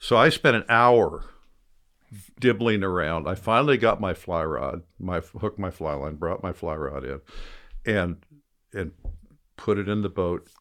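A deep-voiced older man recounts his fishing adventures in a loose, rambling way. His stories lean into self-mocking humor, and his energy rises and dips as he talks. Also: lively intonation, measured pace, fairly bright tone. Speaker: guest; fly fisherman. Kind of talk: storytelling in casual interview.

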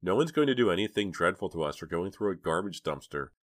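A man voicing a bold, quick-thinking teenage girl who talks in a brisk, bossy, urgent way. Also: low-pitched, sing-song, no room sound, studio quality. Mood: steady.

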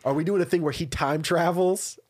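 A man's voice: a little high, brisk. A man co-hosting a podcast, enthusiastic and musing in casual brainstorming chat. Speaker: podcast co-host.

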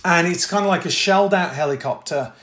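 A man, an actor telling anecdotes in a casual interview, animated and full of fillers, acting out quotes. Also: high voice, fairly quick. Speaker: actor guest. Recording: echoey room.

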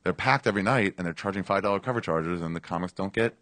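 A man telling a story in casual podcast chat, low-key and trailing off, cursing casually. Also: fast talker, a bit bright, no room sound.

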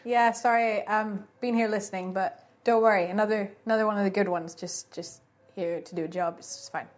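A woman playing in a tabletop role-play who speaks in a friendly way, quickly and with repeated words. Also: medium pitch, steady tone. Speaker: player.

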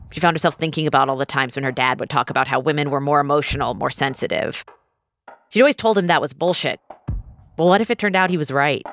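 A woman hosting a podcast, reading scripted narration in a measured, storytelling way. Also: low voice. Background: faint music.

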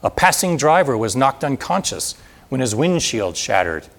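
A man reading a historical account in a measured, dramatic way, then addressing an audience. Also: medium pitch, very animated, vocal fry, fairly bright tone. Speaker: speaker reading historical narration.

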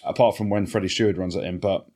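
An English man co-hosting a sports podcast, animated and swearing freely in casual banter. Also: sits low, fast talker. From England. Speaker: podcast co-host.

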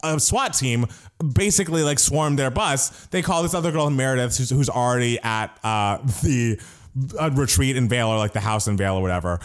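A man's voice: medium pitch, moderate pace, clear, resonant tone. A man animatedly telling a story as he recaps a reality TV episode in casual chat, swearing now and then.

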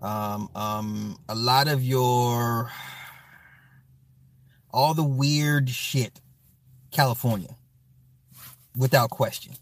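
A man's voice: mid-range voice, steady tone, extremely slow, long pauses, no echo. A man hosting a casual livestream, reading comments in a loose, profane way and often repeating apologies and fillers.

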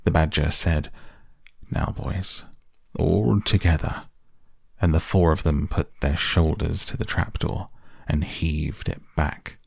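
A man reads a classic children's book softly for sleep, slow and even. His voice is deep with a gravelly fry. The recording is close and dry. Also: dry recording. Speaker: storyteller. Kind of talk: soft bedtime audiobook reading.

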